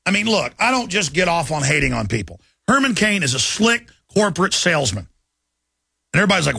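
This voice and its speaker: A man's voice: sits high, big pitch swings, a little fast, vocal fry, pushed and bright, husky, no echo. A male radio talk show host delivering a heated, sarcastic monologue in a studio. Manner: fiery, sarcastic, mocking impressions.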